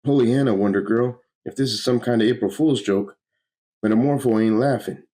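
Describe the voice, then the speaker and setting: A man's voice: mid-range voice, a little fast, dark tone, voice pushed up, close to an everyday voice. A man voicing a brash, folksy male comic-book hero who cracks jokes while he works. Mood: gruff. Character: brash wisecracking male hero made of elements.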